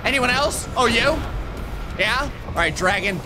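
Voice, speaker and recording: A man commentating his own Minecraft play, excitable, yelping and laughing at the chaos. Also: very high-pitched, unhurried, music in the background. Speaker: gaming YouTuber.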